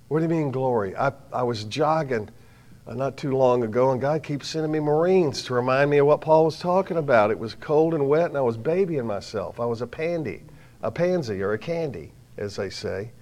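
Middle-aged preacher, swinging soft to loud. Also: male voice, mid-range voice, fairly quick. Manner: lively storytelling, swings from soft asides to loud bursts, self-mocking humor. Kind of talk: sermon. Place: before a live audience.

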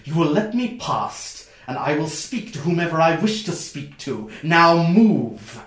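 A man's voice: on the high side, sing-song, a little slow, fairly bright tone, voice pushed up. A man voicing an imperious noblewoman who barks haughty orders. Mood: furious. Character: imperious noblewoman, furious and commanding. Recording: echoey room.

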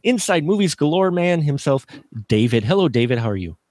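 A man with a fairly high voice hosts a casual podcast chat, introducing guests playfully and laughing often. The sound is close and dry. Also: big pitch swings, brisk, darkish tone, no echo. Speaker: podcast host.

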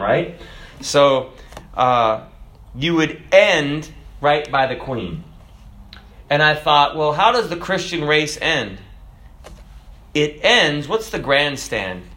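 Fervent man preaching in an echoey room. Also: fairly high pitch. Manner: rises to shouting fervor, recites lyrics with rhythm. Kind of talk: sermon.

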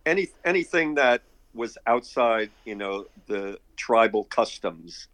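In casual interview storytelling, an older Brooklyn artist and director, appearing as a guest, meanders through long tales with frequent chuckles. His lowish, slightly bright voice has lively intonation and a somewhat slow pace, with no echo.

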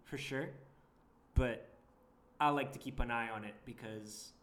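A man's voice: mid-range voice, unhurried, a bit bright. Earnest young man, reflective chat. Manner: earnest, reflective, laughs often. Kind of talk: casual couples chat.

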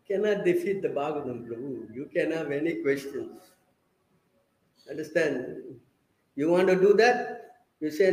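A man's voice: fairly high pitch, lively intonation, normal speed, pauses often, a little mellow, roomy sound, rough recording. A man giving a scripture class, emphatic and questioning, often checking that listeners understand. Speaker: preacher.

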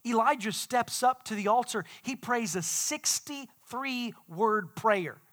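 A man preaching a sermon as pastor, swinging from quiet explanation to shouted declarations. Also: extremely high pitch, animated, takes it slowly. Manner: dynamic preaching, swelling to shouts.

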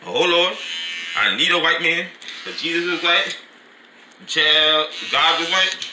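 A man's voice: a little high, slow, long pauses, echoey room, background noise. A man delivering a sassy, campy comic gossip monologue, laughing often and calling everyone honey and girl.

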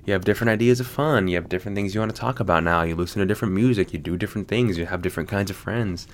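A man's voice: sits low, very fast, slight background noise. An American man hosting a podcast, rambling casually with lots of fillers and swearing. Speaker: podcast host. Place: Sydney.

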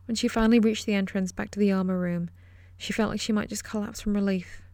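A woman's voice: mid-range voice, fairly even intonation, fast, darkish tone, no echo. A woman reading a horror novel aloud as an audiobook, dramatic and dropping into whispers at tense moments. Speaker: audiobook narrator. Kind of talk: scripted narration of a horror novel.

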